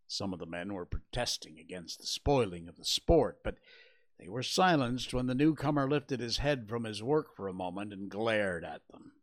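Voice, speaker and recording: A man hosting a show, reading a classic adventure novel aloud in slow, measured narration. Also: fairly low pitch, animated.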